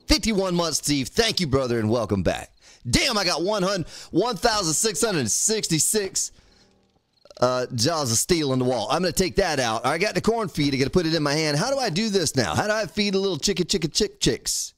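Man, game streamer, highly animated pitch, slightly high voice, casual swearing, talking to himself. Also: brisk, no room sound, faint music behind. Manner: talks to himself while crafting, thanks viewers, swears casually. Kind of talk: live gameplay commentary.

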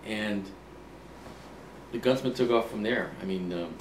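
A man in his sixties, an author being interviewed, telling relaxed anecdotes and acting out old conversations, with frequent ums and restarts. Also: fairly low pitch, measured pace. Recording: roomy, distant mic, faint ambient hum.

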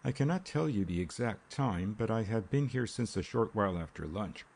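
Brief: man voicing an easygoing young gent, low husky voice, breezy storybook read. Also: animated, moderate pace, a little mellow, exaggerated voice.

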